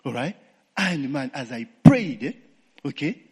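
A man's voice: a little high, big pitch swings, unhurried, darkish tone, slightly rough, in a large hall. A man with a Ugandan accent gives a testimony sermon, tossing in call-and-response tags like "eh?" and "what?" and laughing to himself. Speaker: preacher.

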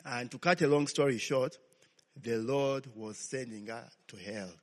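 A man's voice: mid-range voice, measured pace. A man preaching a sermon as a pastor, telling a story and checking in with "okay?" after nearly every line. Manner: call-and-response, frequent "okay?" checks. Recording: long hall reverb.

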